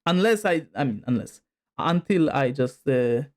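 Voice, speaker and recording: A man's voice: mid-range voice, lively intonation, measured pace, a little mellow. A man talking casually on a home stream, rambling with plenty of fillers. His distance from the desk microphone keeps changing, so his voice moves between close and slightly distant. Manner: rambling, filler-heavy, moves toward and away from the mic. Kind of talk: casual stream chat testing a mic. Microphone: desk microphone, distance shifting.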